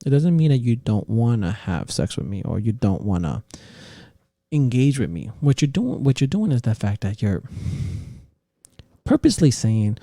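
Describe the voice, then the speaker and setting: A man with a dark, gravelly voice delivers a heated, profane podcast rant. His pitch swings widely as he mocks imagined arguments. The sound is dry and close. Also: very animated, normal speed, dry recording. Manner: profane, heated ranting with mocking quoted voices. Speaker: podcast host. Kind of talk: casual opinion rant.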